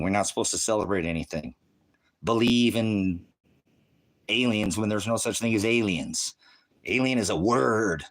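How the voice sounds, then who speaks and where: An American man hosting a ministry live stream rants profanely and combatively at his chat. He veers between low muttering and loud outbursts.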